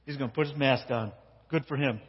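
A man preaching as pastor, telling a story and talking directly to a child and the congregation with animated delivery. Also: medium pitch, brisk, breathy edge. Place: church sanctuary. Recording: dull sound with long hall reverb.

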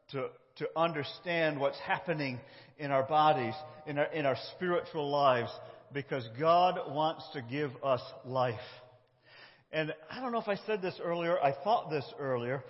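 A man preaching a conversational sermon, moving between loud and quiet phrases. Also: fairly high pitch. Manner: conversational, with shifts between loud and soft delivery. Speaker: pastor. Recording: dull sound with long hall reverb.

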